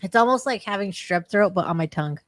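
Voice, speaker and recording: A woman's voice: medium pitch, lively intonation, fast, dry recording. A woman co-hosting a recovery livestream in casual chat, greeting viewers by name and talking around a sore tongue. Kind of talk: casual live-stream chat.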